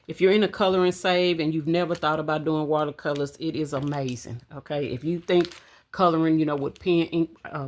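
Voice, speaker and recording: Low-voiced woman vlogging casually. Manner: chatty, addresses viewers as y'all, counts out loud. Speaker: budgeting vlogger. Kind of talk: casual chat to camera. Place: home room. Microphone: camera on a stand.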